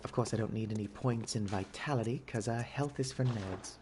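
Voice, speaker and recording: A gaming channel host in his twenties provides wry, self-mocking let's-play commentary with a stuffy nose. His voice is on the low side and a little fast. The background is noisy with loud game music and combat sounds.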